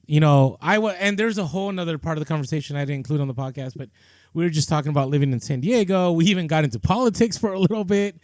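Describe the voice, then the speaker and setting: A man's voice: fairly high pitch, fast, a little mellow, no echo. A man co-hosting a podcast, telling a story in a loose, chatty way with lots of fillers and restarts. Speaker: podcast co-host. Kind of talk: casual storytelling chat.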